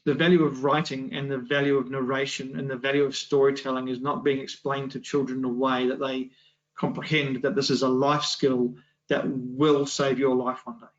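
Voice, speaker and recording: A man's voice: medium pitch, level tone, normal speed, muffled recording. A man teaching an adult Sunday school class, talking in a loose, conversational way with many restarts and rhetorical questions.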